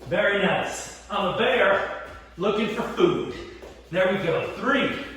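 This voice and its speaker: A man's voice: sits high, animated, slow pace, a bit bright. A man teaching as a PE teacher, hyping workout reps with whoops and counting, sweaty and winded during the exercises. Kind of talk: energetic home workout instruction. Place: hot home garage. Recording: echoey garage from far off.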